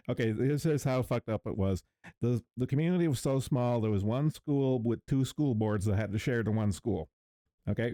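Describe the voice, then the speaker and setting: A man's voice: mid-range voice, warm tone, clean tone, no echo. A man from Canada in casual chat, telling rambling anecdotes.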